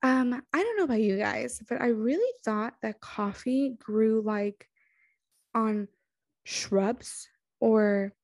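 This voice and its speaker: A woman's voice: on the high side, animated, slow, a little mellow, no echo, clean studio sound. A young woman hosting her own podcast alone, sleepy, chatting casually with lots of fillers and self-deprecating restarts. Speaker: podcast host. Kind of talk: casual solo podcast monologue. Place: home, on a couch.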